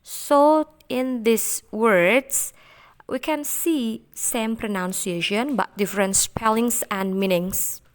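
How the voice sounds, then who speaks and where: Woman, young adult, English teacher, careful classroom explanation, halting non-native English. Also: on the high side.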